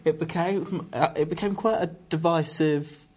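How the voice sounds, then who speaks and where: A man's voice: on the high side, fairly even intonation, normal speed, darkish tone. A man interviewing a guest, asking easygoing, probing questions.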